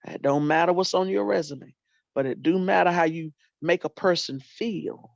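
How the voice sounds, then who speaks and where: An older woman, a retired teacher and librarian, telling animated stories about her students in casual talk and acting out what people said. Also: lowish voice, moderate pace, creaky, no room sound. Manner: animated storyteller, acts out quotes, folksy Southern phrasing. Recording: dull lo-fi dry sound.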